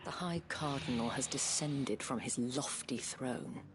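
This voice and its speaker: An actress playing a worried, articulate noblewoman who speaks formally, sometimes in a hushed voice. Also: very deep voice, measured pace, noisy background. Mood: troubled. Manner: formal, eloquent speech, at times hushed.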